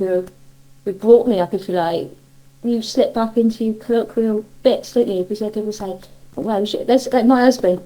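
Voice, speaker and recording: A woman's voice: fairly high pitch, dark tone, rough recording. A middle-aged woman from Cornwall with a Cornish accent, chatting in an interview and reminiscing in a rambling way with frequent self-corrections. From Cornwall, England.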